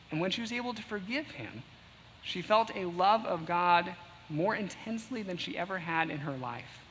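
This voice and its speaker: A man preaching a sermon in earnest tones, reading a passage aloud slowly at times. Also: sits high, a bit bright, a little hiss or hum. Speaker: pastor. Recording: echoey hall with faint ambience.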